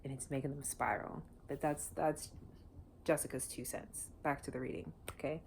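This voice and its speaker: A woman gives a casual tarot reading, talking bluntly and emotionally and swearing freely. Her voice is low, and faint background noise sits under it. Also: fairly quick, creaky. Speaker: tarot reader.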